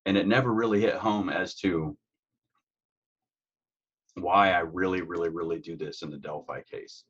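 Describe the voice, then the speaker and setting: Deep husky man, earnest. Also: moderate pace, fairly bright tone, highs cut off. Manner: earnest, heartfelt. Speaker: guest, true crime YouTuber. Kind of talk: conversational interview.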